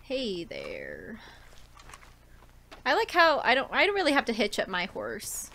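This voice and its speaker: A woman's voice: on the high side, wildly swooping pitch, a little slow, vocal fry, pushed and bright, a little hiss or hum. A young woman streamer giving casual, emotional, chatty commentary on a game she plays. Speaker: gaming streamer. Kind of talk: casual let's-play commentary.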